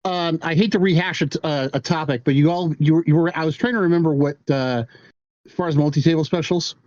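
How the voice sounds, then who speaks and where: A man's voice: fairly high pitch, fast talker, a little mellow, no echo, muffled recording. A man hosting a podcast, chatting casually and a little hesitantly. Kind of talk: casual chat.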